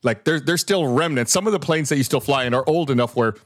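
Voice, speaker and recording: A middle-aged man hosting a podcast in casual chat, his voice slightly hoarse from a cold. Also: medium pitch, fast, dry recording, studio quality. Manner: relaxed, lots of fillers and restarts. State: hoarse, recovering lost voice. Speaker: podcast host.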